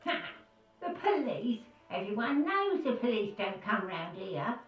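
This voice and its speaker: A woman's voice: fairly high pitch, big pitch swings, measured pace, reverberant, soft background music, poor audio. An actress playing a wary elderly woman in a video game, curt and dismissive. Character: wary elderly woman refusing to open her door.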